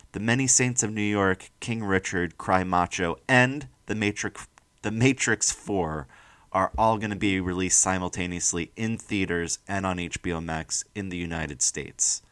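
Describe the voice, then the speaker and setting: A man hosting a podcast, talking in a rambling, animated way with many fillers and restarts. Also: low voice, unhurried, no room sound. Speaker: podcast host. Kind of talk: casual podcast chat.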